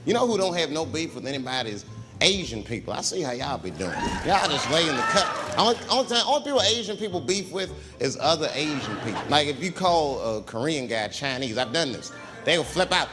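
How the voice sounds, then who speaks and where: A man doing a stand-up comedy routine, swinging between loud outbursts and muttered asides as he acts out characters. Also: a little high, big pitch swings, brisk, over music. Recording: live hall reverb with audience noise.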